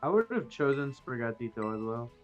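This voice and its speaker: Guest voice on a game stream, mid-pitched, teasing and playful. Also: big pitch swings, fairly quick, dull audio, soft background music. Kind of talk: casual gaming stream chat.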